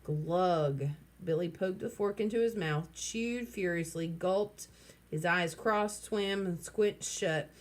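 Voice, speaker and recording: A woman reading a children's novel aloud, lively and throwing in wry asides. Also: on the low side, slow. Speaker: reader.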